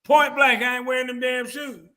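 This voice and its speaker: A man's voice: extremely high pitch, little pitch movement, moderate pace, sharp tone. A man hosting a casual sports talk show, ranting bluntly with plenty of profanity. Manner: mimics others in quoted asides. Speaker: show host.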